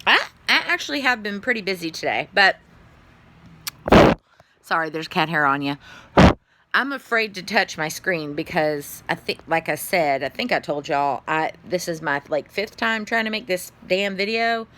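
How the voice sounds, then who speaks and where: A woman's voice: fairly low pitch, lively intonation, normal speed, very noisy. A tired middle-aged woman, chatting casually to her phone camera in a rambling way, yawning and swearing now and then. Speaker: vlogger.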